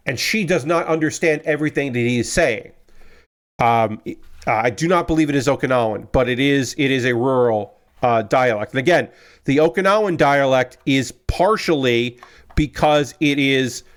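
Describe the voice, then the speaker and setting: Chatty man streamer, slightly high voice. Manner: rambling, digressive, reacts to chat comments. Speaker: live streamer. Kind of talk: casual chat while doing a jigsaw puzzle on stream.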